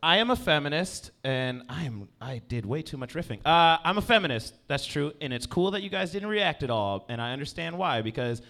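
A male stand-up comedian with a high, bright voice that swoops all over the place. He rambles and pokes fun at himself, checking in with the crowd again and again. He is performing live on a stage. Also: expressive, fairly quick, few pauses. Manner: rambling, self-deprecating, keeps asking "you know what I mean". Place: stage before a live audience.

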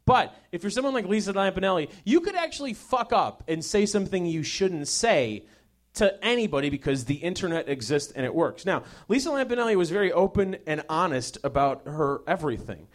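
A man's voice: sits high, sing-song, a little fast. A young man hosting a show, delivering a sarcastic, profane comedic monologue that swings between mock outrage and mumbled asides. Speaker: host.

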